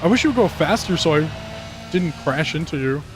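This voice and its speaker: A man giving casual, profane commentary over a racing game, rambling and ranting with animated outbursts. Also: on the high side, fairly quick. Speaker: gaming commentator. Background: game music and car engines.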